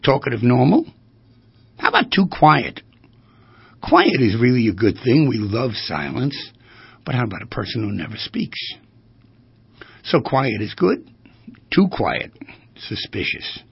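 A man speaking as a therapist in a lecture-style monologue, animated and full of rhetorical questions, with a gravelly, husky voice. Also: fairly high pitch, no room sound. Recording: dull lo-fi recording.

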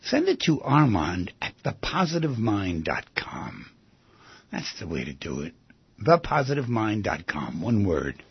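Gravelly husky man hosting radio talk. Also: fairly low pitch, wildly swooping pitch, measured pace, no room sound, muffled recording. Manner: rambling, conversational, repeats phrases. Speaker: radio show host and psychotherapist. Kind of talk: radio talk show monologue.

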